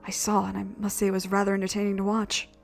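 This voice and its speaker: A woman voicing a composed, polite young woman who speaks calmly and with dry humor in a game read-through. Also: mid-range voice, gravelly, faint music behind, natural voice. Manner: calm, measured and polite.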